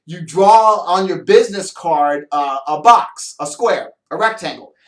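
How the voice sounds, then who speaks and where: Brief: male magician host, high voice, loose and rambling, recorded in an echoey little room. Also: unhurried, a bit bright. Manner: chatty, rambling, with many fillers and playful asides. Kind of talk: casual how-to talk on magic. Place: small room with a counter and shelves.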